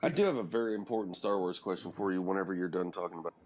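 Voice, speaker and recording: A man in a casual chat, teasing with quick joking interjections. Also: deep voice, a little mellow.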